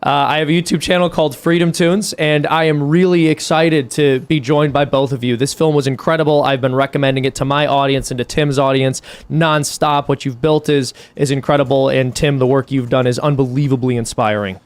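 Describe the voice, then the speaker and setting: A man's voice: mid-range voice, fairly even intonation, fairly quick, hardly any pauses. A male cartoonist co-hosting a podcast, talking casually in an upbeat way. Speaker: cartoonist co-host. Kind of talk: casual chat.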